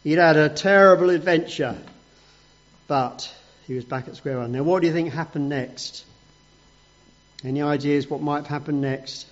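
A man telling a story to children in an animated, playful voice that sits fairly high. He acts out each moment with lively swings in his voice. The recording is dull and lo-fi. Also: moderate pace, long pauses.

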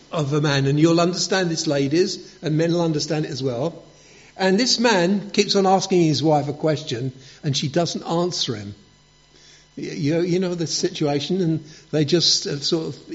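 A man preaching a sermon, telling stories and acting out little quotes in a conversational way. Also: on the high side. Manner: storytelling with acted quotes, conversational. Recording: dull lo-fi recording.

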